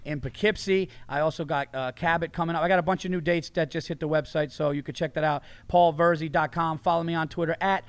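Male comic podcast host, slightly high voice, dry close sound, casual rambling delivery. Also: steady tone, quick pace, few pauses, smooth, no room sound. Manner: laughing storyteller, loose and profane. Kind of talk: casual comedy podcast chat. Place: festival podcast recording.

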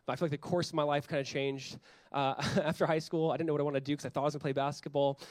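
A young adult male pastor delivers a sermon at a quick clip, his voice sitting a little higher than most men's. He talks conversationally and slips into quoted voices as he preaches. The sound is dry and close, with little room echo. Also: little pitch movement, a little mellow.

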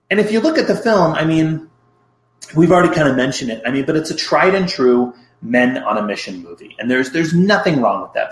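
A man in casual film review chat, measured and wry, with hedging asides. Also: medium pitch, a bit bright, roomy sound, poor audio. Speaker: podcast co-host.

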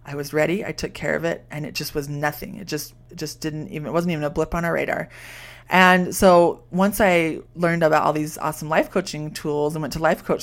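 A woman life coach telling a chatty, reassuring story in a podcast monologue, with many fillers. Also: sits low.

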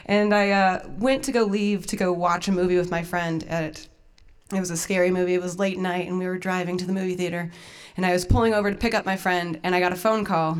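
A woman's voice: on the low side, steady tone, quick pace, clean tone. A woman in her twenties hosting a storytelling night, telling a personal story in a casual, self-deprecating way with frequent laughs.

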